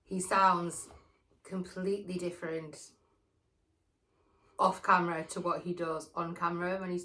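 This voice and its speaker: A woman's voice: on the low side, fairly bright tone. A woman co-hosting a vlog, chatting casually and teasingly. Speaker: vlog co-host. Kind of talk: casual chat.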